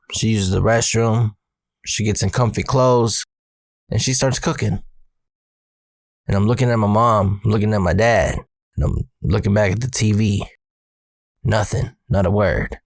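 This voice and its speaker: A man's voice: lowish voice, no room sound, clean studio sound. A man casually telling a personal story, slangy and profane.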